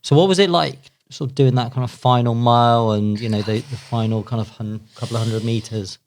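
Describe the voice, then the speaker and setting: A man hosts a casual podcast interview. He asks short questions and reacts to his guest with brief remarks. His voice sits at an ordinary pitch. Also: steady tone, a little fast. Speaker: podcast host.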